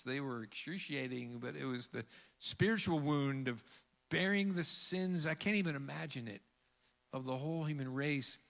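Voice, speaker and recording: A man preaching a sermon as pastor, earnest, rising to emphatic peaks and dropping to hushed lines. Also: medium pitch, gravelly, long reverb tail. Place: church sanctuary.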